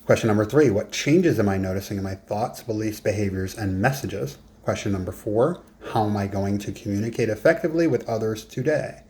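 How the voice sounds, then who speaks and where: A man's voice: on the low side, fairly quick, few pauses, a little mellow. A man coaching in a casual, conversational lesson, emphatic and given to joking asides. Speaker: business and life coach.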